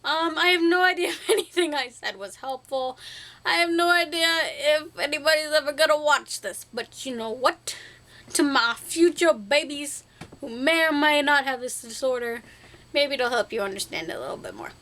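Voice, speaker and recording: A young woman rambles to her camera in a high voice, chatty and goofy, tossing in made-up words and laughing at herself. Her tone is bright and sharp, and she talks like she is catching up with friends. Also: animated, moderate pace. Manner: chatty, silly, self-deprecating, playful made-up words. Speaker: vlogger. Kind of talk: casual rambling to-camera vlog.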